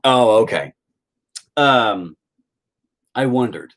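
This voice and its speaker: A man chatting casually with his viewers on a live stream, crude and joking, sometimes bursting into loud high-pitched exclamations. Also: expressive, moderate pace. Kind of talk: casual chat.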